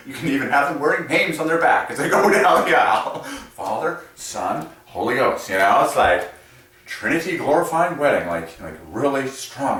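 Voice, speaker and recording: Animated man in an echoey room. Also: medium pitch, normal speed. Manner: animated, chuckles often, playful asides. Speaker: channel host presenting number patterns. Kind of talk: casual explanatory monologue. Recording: echoey room, mic set at a distance.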